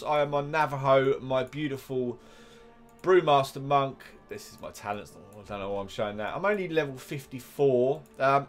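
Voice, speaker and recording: A man with an English accent chats his way through a gameplay session. His talk rambles and drifts into asides. His voice sits at an ordinary middle pitch. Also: a bit bright. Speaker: gaming YouTuber. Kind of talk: casual gameplay commentary.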